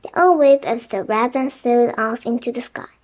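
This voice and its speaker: A woman narrating a children's chapter book in a steady, clear storytelling voice. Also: on the high side, moderate pace.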